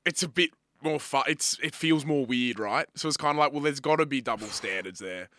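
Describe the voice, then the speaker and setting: A man's voice: mid-range voice, fairly quick, bright, forceful tone. A man co-hosting a casual podcast chat, laid-back and swearing freely. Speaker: podcast co-host.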